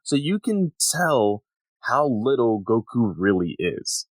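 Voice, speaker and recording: A man co-hosting a casual podcast, talking in a relaxed way with many "like" fillers. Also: medium pitch, slow pace, no room sound. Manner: relaxed, heavy use of "like". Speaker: podcast co-host.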